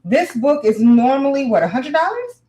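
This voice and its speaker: A woman co-hosting a casual chat, teasing her co-host bluntly and pitching a product like a salesperson. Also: sing-song, moderate pace, dark tone.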